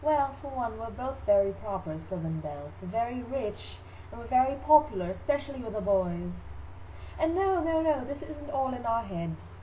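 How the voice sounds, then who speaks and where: A woman's voice: fairly high pitch, lively intonation, normal speed, warm tone, a little hiss or hum, natural voice, low-quality recording. A teenage girl voicing a vain, snobbish Southern belle mother in a school project skit, in a prim, affected voice. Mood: haughty. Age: teens.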